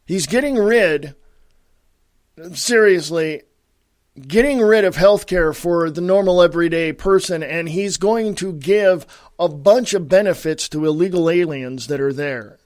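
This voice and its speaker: Angry high-voiced talk radio host. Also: male voice, unhurried, no echo, clean studio sound. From California, USA. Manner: angry, shouting, profane. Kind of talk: political talk radio rant.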